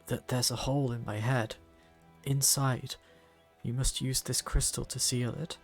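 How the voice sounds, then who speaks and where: Man doing a slow solemn mystic, gravelly low voice, very measured. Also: little pitch movement, faint music behind, lightly acted.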